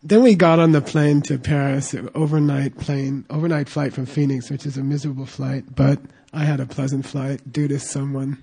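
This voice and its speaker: A man's voice: medium pitch, little pitch movement, normal speed, gravelly, few pauses, mellow, slightly rough. A man telling a rambling travel story in a casual talk, full of fillers and acted-out quotes. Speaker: teacher recounting travels.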